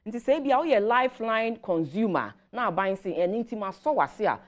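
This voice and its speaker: A Ghanaian-accented woman explaining government policy on a morning show, measured and switching between Twi and English. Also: medium pitch, lively intonation. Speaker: government guest commentator.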